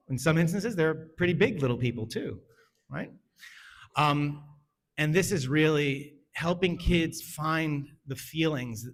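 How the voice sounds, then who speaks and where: A man in his forties addresses parents at a school town hall in a relaxed, conversational way. His voice sits a little higher than most men's. He often checks in with the crowd by asking "right?" and slips into quoted voices from home. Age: 40s. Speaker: school principal. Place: school meeting room.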